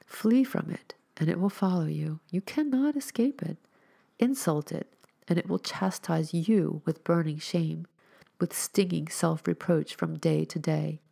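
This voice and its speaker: A mysterious male stranger from an old tale, gentle yet quietly commanding, read by a woman storyteller. The voice sits low and gravelly, with slow, solemn phrasing that carries authority. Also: full character voice.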